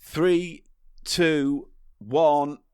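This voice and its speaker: A man's voice: fairly high pitch, extremely slow, clear, resonant tone, no room sound, clean studio sound. A man hosting a comedy podcast, bantering in a playful, silly way. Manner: playful, silly, lively delivery. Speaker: podcast host.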